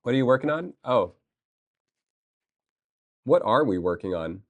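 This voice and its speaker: A man livestreaming, chatting casually and excitably with viewers, rambling with restarts and answering chat. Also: medium pitch, unhurried.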